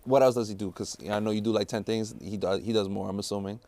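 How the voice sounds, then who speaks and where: A man's voice: on the low side, fast talker, dry recording. A man hosting a podcast in casual chat, asking rambling questions full of filler words. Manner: relaxed, rambling, heavy use of "like". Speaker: podcast host.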